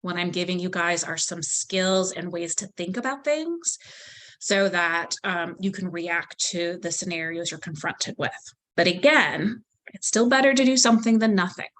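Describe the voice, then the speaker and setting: A woman leading a volunteer training session, explaining calmly and acting out example phrasings. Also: lowish voice, normal speed. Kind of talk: training lecture.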